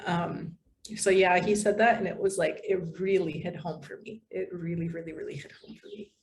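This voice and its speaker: A woman from the United States, a podcast guest, telling stories in a chatty, animated way with many fillers. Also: on the low side, normal speed. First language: English. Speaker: podcast guest, content writer. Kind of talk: casual interview chat.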